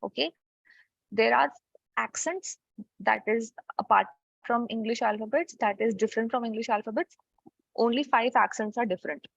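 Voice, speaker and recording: A woman's voice: fairly high pitch, moderate pace, vocal fry, pauses often, dry recording. A woman teaching French in an online class, explaining step by step and checking in with "okay" often. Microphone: video call. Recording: dull lo-fi online call audio.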